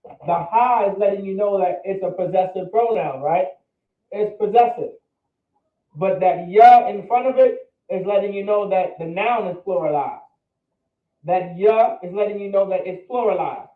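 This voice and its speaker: A man's voice: sits high, moderate pace. A man teaching a Hebrew grammar class, patiently checking that everyone follows. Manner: patient, checks understanding with repeated questions. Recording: roomy, distant, phone-like lo-fi.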